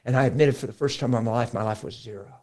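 A middle-aged man, a pastor, talking about faith in a lively conversational preaching style, acting out quotes as he tells stories. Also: mid-range voice, racing. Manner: animated storytelling, acts out quotes. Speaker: pastor guest.

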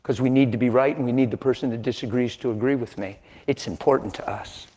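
A man in his sixties preaching a sermon, dropping to hushed near-whispers and then rising to emphatic lines, with folksy conversational asides. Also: mid-range voice, fast talker. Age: 60s. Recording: long hall reverb.

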